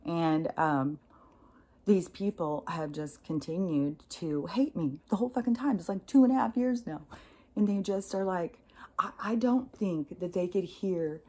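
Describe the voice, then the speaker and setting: A woman's voice: lowish voice, a little slow, mellow, husky. A middle-aged woman telling a casual story, blunt and profane, with many fillers and laughs. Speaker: host.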